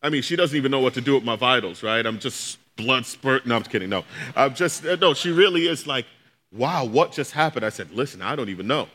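A man's voice: medium pitch, expressive, fairly quick, bright, forceful tone. A middle-aged man, a pastor, telling a personal testimony as a sermon, acting out the voices of the people in his story. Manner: storytelling, acts out quoted voices.

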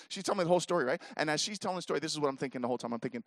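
Male speaker in his 40s, dry close sound, high voice, animated storyteller who acts out the voices. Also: very fast, no room sound. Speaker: speaker at a youth leader event. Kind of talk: storytelling talk to a live audience.

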